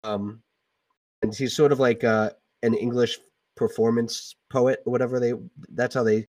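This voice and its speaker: A man's voice: medium pitch, little pitch movement, normal speed, a little mellow, no echo, far from the mic. A middle-aged man, an English teacher, chatting casually about music on a podcast, hesitant with many ums and restarts.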